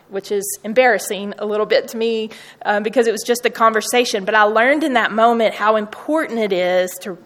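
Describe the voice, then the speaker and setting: A woman's voice: medium pitch, a bit bright. Woman telling stories in a reverberant hall. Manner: earnest, personal storytelling. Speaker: university staff speaker. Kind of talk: storytelling talk to students.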